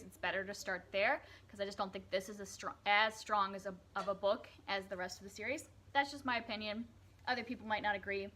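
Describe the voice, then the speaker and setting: Bright-voiced chatty woman reviewing books. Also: mid-range voice. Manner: chatty, many fillers and self-corrections. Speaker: book reviewer. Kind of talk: casual book review vlog.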